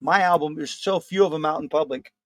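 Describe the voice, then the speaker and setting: A man's voice: fairly high pitch, a little fast, no echo. Joking man co-hosting a podcast. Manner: joking, riffing, laughs often. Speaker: podcast co-host. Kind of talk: casual comedic chat.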